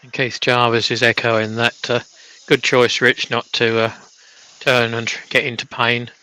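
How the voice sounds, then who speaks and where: A man with a bad cough sits in an office and reads out viewer comments. He talks in a chatty, teasing way, and his voice is bright and clear. His pitch sits in the middle of the range. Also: flat delivery, measured pace, rough recording. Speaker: co-host reading viewer comments. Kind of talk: casual live-stream chat.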